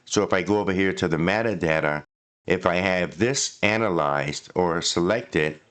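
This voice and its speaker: Male tutorial host, very low pitch, casual click-along walkthrough delivery. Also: moderate pace, a bit bright. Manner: casual, thinking aloud while clicking. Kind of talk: screen-recording software walkthrough.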